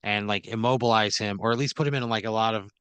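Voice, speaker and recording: A man taking part as a player in an improvised story game, thinking out loud and swearing in disbelief. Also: on the low side, fairly even intonation, quick pace, clear, resonant tone, dry recording. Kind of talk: casual improvised role-play.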